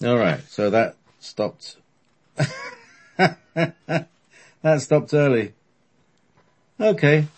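A man's voice: mid-range voice, expressive, slow, long pauses, darkish tone. A man casually telling a story, rambling between thoughts with lots of fillers and restarts. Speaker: podcast storyteller.

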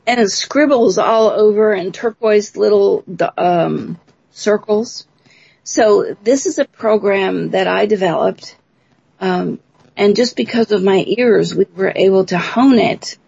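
Gravelly husky woman talking on and on as a radio guest, muffled lo-fi sound. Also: medium pitch, slow, darkish tone. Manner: talkative, long explanations. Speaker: guest, bioacoustics researcher and teacher. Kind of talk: explaining on a radio interview.

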